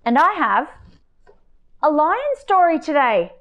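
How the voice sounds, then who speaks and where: A woman reads a picture book aloud for children at home, playful and animated in her delivery. Her pace is very slow and deliberate. Her voice sits a little above the usual. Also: high voice. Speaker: children's story time reader. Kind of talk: children's story reading.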